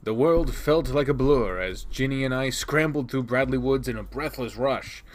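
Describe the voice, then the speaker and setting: A man reading a visual novel aloud, narrating expressively with quick restarts. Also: medium pitch. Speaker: game reader.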